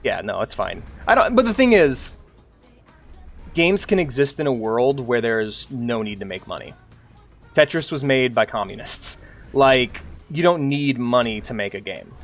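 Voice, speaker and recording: A man's voice: mid-range voice, sing-song, normal speed, soft background music. A young adult man streaming a game, ranting casually and animatedly, swearing and laughing often. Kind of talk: casual rant while gaming.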